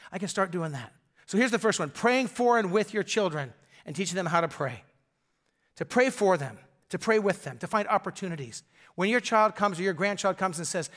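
An older man, a grandfather, preaching a sermon in a conversational, storytelling way that often drops to soft, intimate tones. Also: high voice. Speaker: pastor.

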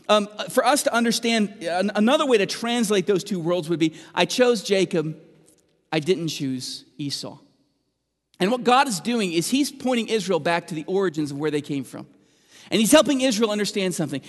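A man preaching a sermon as pastor, moving between emphatic and hushed delivery. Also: high-pitched, animated, moderate pace, big-room sound.

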